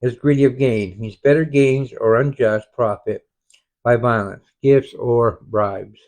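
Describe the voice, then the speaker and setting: Man, Bible study leader, very slow, stumbling restarts, verse-by-verse reading. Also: mid-range voice, a little mellow. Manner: halting, frequent self-corrections and restarts. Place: home, online group study.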